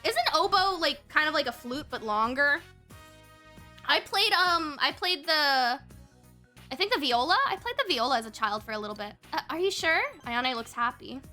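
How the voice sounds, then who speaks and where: A woman's voice: high voice, animated, normal speed, sharp tone, soft background music. A young woman livestreaming a game, chatting casually with her chat, giggling often, swearing freely and reading game text aloud. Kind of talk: casual gaming stream chat.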